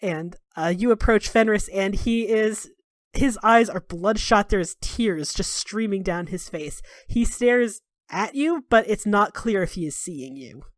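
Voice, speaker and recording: A woman runs a tabletop game as game master, describing each scene at length with plenty of fillers. Her voice sits at a middle pitch. The recording is dry and close. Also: a little slow, no echo.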